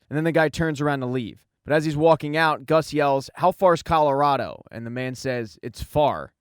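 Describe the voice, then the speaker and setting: A man with a slightly high voice tells a story recap in brisk, scripted narration. Quoted lines come out plain, without voices. The sound is dry and close, with no room echo. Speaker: recap channel host.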